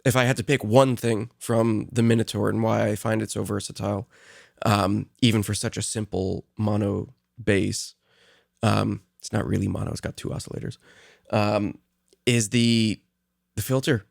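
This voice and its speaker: A man's voice: fairly low pitch, level tone, moderate pace, vocal fry, no room sound, clean studio sound. A man co-hosting a podcast, talking casually and admiringly, laughing easily between points. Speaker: podcast co-host. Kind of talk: casual conversation about synths.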